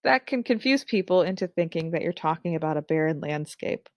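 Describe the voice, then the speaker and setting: A woman in her thirties teaching an online speaking course, with clear, carefully articulated and expressive delivery. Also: low voice, fairly quick, no echo. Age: 30s. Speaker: instructor.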